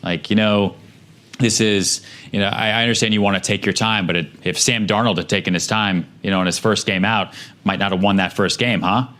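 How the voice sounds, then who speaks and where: Casual man with a lowish voice. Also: steady tone, brisk, a bit bright. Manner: casual, talks through examples. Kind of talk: casual sales advice.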